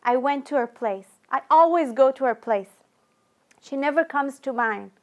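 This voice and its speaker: A woman from Iran, a storyteller with a high, animated voice at normal speed, performs a first-person monologue as her younger self. The delivery is plaintive and repetitive.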